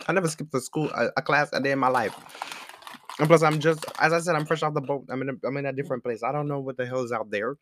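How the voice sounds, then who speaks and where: A man's voice: medium pitch, a little fast, long pauses, slight background noise. A young man at home telling a casual, rambling story about a past friendship. He swears freely and laughs often in a laid-back way. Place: at home at a desk with a laptop.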